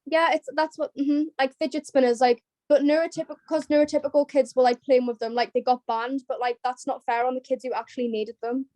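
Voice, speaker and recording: A woman's voice: high-pitched, flat delivery, brisk, hardly any pauses, a little mellow, dry recording. A young British woman chatting casually, with lots of filler "likes". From United Kingdom. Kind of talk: casual group chat.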